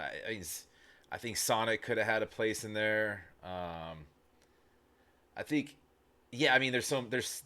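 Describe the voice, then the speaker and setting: A man's voice: fairly low pitch, pushed and bright. A man hosting a reaction video, chatting casually with lots of restarts, fillers and the odd curse. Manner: rambling, frequent restarts and fillers, casual swearing.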